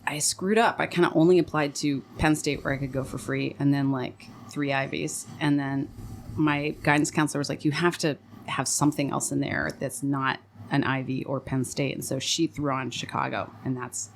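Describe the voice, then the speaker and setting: A woman from central Pennsylvania, a guest in a casual interview, telling stories in a chatty, animated way and laughing often. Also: extremely low pitch, moderate pace, gravelly, a little hiss or hum.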